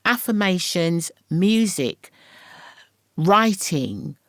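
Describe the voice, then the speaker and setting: A middle-aged English woman, a podcast guest, talking in a lively, storytelling way and acting out the voices she quotes. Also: on the low side, extremely slow, no echo, clean studio sound. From England. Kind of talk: casual interview chat.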